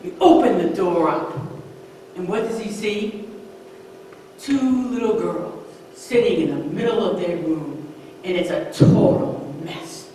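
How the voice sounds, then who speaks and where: A woman in her fifties performing a true story live, dropping to near-hushed tones and then rising to emphatic peaks. Her voice rolls through a big, reverberant hall, picked up from far away, with faint room noise behind. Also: fairly low pitch, unhurried. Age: 50s. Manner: animated, swings from hushed to emphatic. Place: stage in a large hall. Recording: echoey hall, far-off mic.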